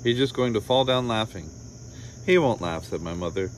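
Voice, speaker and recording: Man reading a picture book, low voice. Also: animated, moderate pace, a little hiss or hum. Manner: gentle storytelling, voices the children's lines slightly higher and livelier. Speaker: storybook reader.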